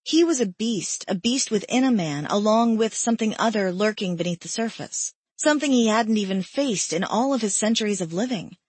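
A woman narrating a novel in the first person with an intimate, measured delivery. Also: mid-range voice, lively intonation, darkish tone, slightly rough, no room sound. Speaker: audiobook narrator. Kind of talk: scripted narration.

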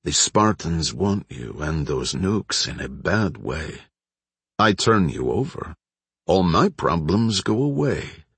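A man's voice: sits low, big pitch swings, slow pace, a bit bright, slightly rough, dry recording, exaggerated voice. A man voicing a volatile, threatening crime boss in an audiobook, with a blustering, swaggering delivery. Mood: smug.

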